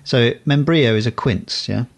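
A man's voice: mid-range voice, moderate pace. Rambling, chatty man on a podcast. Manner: rambling, self-correcting storyteller. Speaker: podcast co-host. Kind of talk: casual chat.

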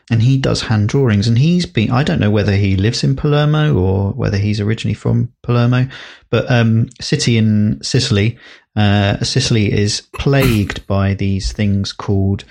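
Gravelly, rambling man. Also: on the low side, darkish tone. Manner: rambling, hesitant, many fillers. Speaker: podcast co-host. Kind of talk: casual chat.

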